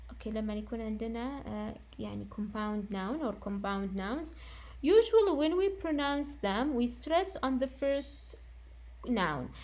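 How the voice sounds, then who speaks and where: A woman gives an English lesson in a slightly high voice. She explains slowly and patiently, with many fillers and restarts along the way. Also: darkish tone. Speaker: English teacher.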